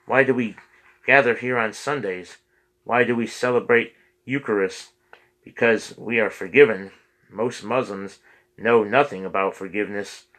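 A man's voice: fairly low pitch, unhurried, fairly bright tone, low-quality recording. Earnest priest pleading for peace, read by a man. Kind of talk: audiobook character reading.

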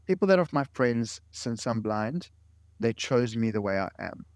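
A man's voice: medium pitch, expressive, moderate pace, no room sound, studio quality. A man in his late forties, a guest in an interview, telling stories earnestly and often repeating words. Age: late 40s. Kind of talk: interview conversation.

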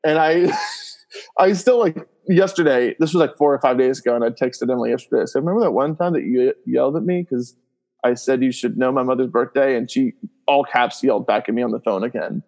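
Speaking briskly at a medium pitch, a man appearing as a podcast guest shares family stories in relaxed chat. He's animated and quick to laugh, voices loud screams within his tales, and fills his talk with plenty of "like" and "um".

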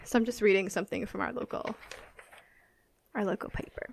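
A woman's voice: mid-range voice, steady tone, a little fast, vocal fry. A woman co-hosting a podcast, chatting in a rambling way and laughing often. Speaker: podcast co-host. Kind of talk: casual chat.

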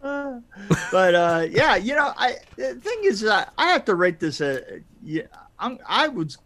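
Animated high-voiced man, laughing co-host. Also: a little slow. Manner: animated, laughs often, acts out quotes. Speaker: podcast co-host. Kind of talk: casual movie review chat.

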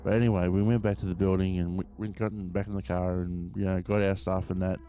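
Low, mellow-voiced Australian man rambling. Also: little pitch movement, fast talker. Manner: rambling, swears freely, many fillers. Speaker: podcast host. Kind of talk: casual storytelling.

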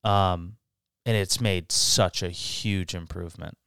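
A man's voice: low-pitched, fairly even intonation, takes it slowly, fairly bright tone, clean tone, no room sound, clean studio sound. A young man co-hosting a podcast in casual, profane chat, laughing often. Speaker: podcast co-host.

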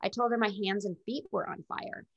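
A middle-aged woman speaks candidly and reflectively as an interview guest. Her voice has a gravelly, creaky edge. The recording is dull and lo-fi. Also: medium pitch, fairly even intonation, moderate pace. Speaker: guest telling her illness story. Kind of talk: casual interview storytelling.

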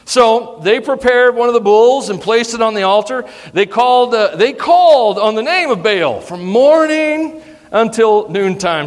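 High-voiced pastor preaching in an echoing hall. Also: male voice, measured pace. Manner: animated, humorous, teasing the audience. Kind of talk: sermon. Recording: long hall reverb.

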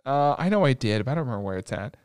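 A young man in casual chat, retelling anime episodes with lots of swearing, and slipping into quick put-on voices for the characters. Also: mid-range voice, smooth, no echo, studio quality. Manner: profane, animated storytelling with quick put-on voices. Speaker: podcast co-host recapping an anime.

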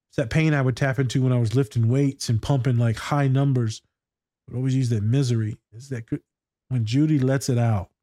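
A man's voice: mid-range voice, dark tone, no echo, studio quality. A man working as a therapist, talking casually and bluntly about a TV scene and telling stories, with plenty of swearing. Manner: blunt, profane, storytelling. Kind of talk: casual reaction chat.

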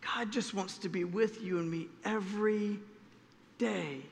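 Male pastor, high-pitched, dramatic sermon delivery with loud-soft swings, long church reverb. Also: steady tone, unhurried, gravelly.

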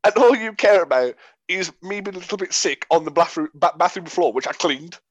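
A man, telling stories in a casual chat, animated and laughing often. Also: high voice, brisk, no echo. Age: 20s. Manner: animated storyteller, laughs often, acts out quotes.

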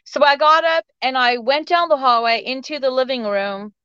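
A woman's voice: high voice, moderate pace, bright, forceful tone, clear, resonant tone, no echo. A woman guest telling personal stories in a rambling way, with lots of fillers and restarts. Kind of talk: casual storytelling interview. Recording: dull lo-fi audio.

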